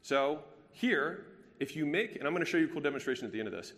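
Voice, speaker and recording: A man's voice: on the high side, expressive, fast, a bit bright. A man in his thirties giving a live business presentation in a brash, casual and profane joking way. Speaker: business speaker. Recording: long hall reverb.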